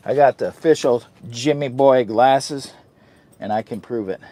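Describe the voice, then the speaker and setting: A camping vlogger chats casually to the camera from inside a hot tent, sounding goofy and loopy and joking about himself in the third person. His mid-range voice is dark in tone and unhurried.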